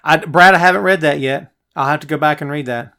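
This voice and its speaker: A middle-aged man hosting a live stream from his home office, chatty and animated as he answers viewer comments. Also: fairly high pitch, fairly quick, vocal fry. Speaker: podcast host. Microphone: headphones, phone nearby.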